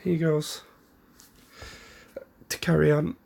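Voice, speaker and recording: A man casually narrating an improvised fan story in a rambling, halting way with many restarts. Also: a little high, level tone, creaky, a little mellow.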